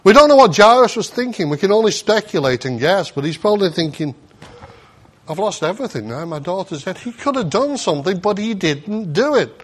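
A male preacher delivering a sermon, telling a story with animated acted-out voices and laughter. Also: sits high, brisk.

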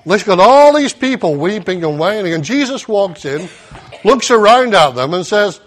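A male preacher delivering a sermon, telling a story with animated acted-out voices and laughter. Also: sits high, normal speed.

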